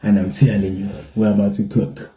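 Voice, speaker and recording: A man's voice: on the low side, little pitch movement, fairly quick, dark tone, rough recording. A man hosting a reaction video, talking in a drawling, hyped-up way. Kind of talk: casual reaction commentary.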